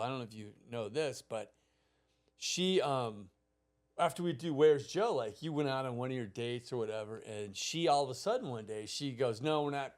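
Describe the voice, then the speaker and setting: A man in his fifties, a podcast host, telling a childhood story in casual, profane chat and acting out the people in it. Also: mid-range voice.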